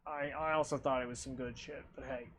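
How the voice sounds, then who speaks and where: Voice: mid-range voice, steady tone, a little fast, fairly bright tone, a little hiss or hum. A game streamer casually talking through their own live gameplay, swearing freely and reacting to what happens on screen. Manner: casual, profane, reacting to play.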